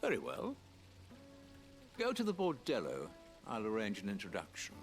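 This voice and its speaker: A man's voice: lowish voice, wildly swooping pitch, normal speed, soft background music. A man voicing a guarded male merchant fixer in a video game. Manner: guarded, knowing.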